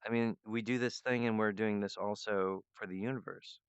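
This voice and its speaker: A man hosting his own show rambles through a loose solo monologue, free-associating and drifting from one idea to the next. His voice is on the low side, with fairly even intonation, a normal pace, and a clear, resonant tone. The recording is dull, lo-fi, and dry, with no room sound.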